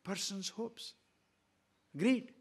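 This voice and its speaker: A man's voice: sits high, extremely slow, breathy edge. A man, a spiritual teacher giving an emphatic discourse on scripture and posing frequent rhetorical questions.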